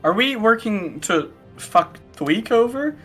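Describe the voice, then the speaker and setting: Man, tabletop player, animated pitch, jokey, faint music behind. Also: slow pace. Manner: lively, joking, often laughing. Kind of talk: casual game chat.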